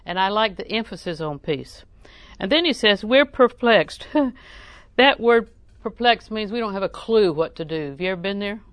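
A middle-aged woman preaching a sermon in a folksy, humorous way, often chuckling and breaking into loud acted exclamations. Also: mid-range voice, animated, moderate pace, no echo.

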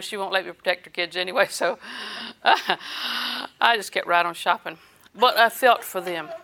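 A woman's voice: mid-range voice, sharp tone. An older woman preaching a sermon, telling homespun personal stories and chuckling between them.

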